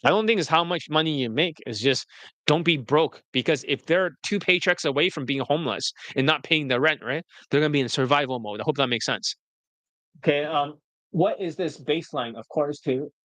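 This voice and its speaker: A man with a bright, forceful voice that sits a little high for a man, recorded close and dry. He talks bluntly on a livestream, moving between casual chat and a polished marketer's pitch. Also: a little fast, no echo. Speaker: dating coach.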